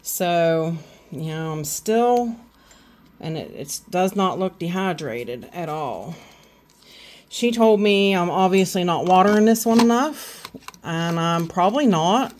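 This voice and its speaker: A middle-aged woman with a Southern US accent talks through her shelves indoors at home, recorded on a handheld phone. Her voice sits a little low, and she rambles in an easy, chatty way, full of fillers and restarts. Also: lively intonation, takes it slowly, a little mellow, a little hiss or hum. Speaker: orchid vlogger. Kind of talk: casual walkthrough of her plants.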